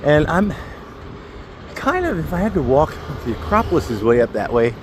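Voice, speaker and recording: A man's voice: a little high, sing-song, moderate pace. A man who is an airline pilot, chatting casually in a rambling, sidetracked way as he walks uphill on a city street, slightly out of breath. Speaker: airline pilot and travel vlogger. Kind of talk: casual walking vlog. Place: outdoors on a city residential street. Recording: noisy outdoor street ambience. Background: street traffic.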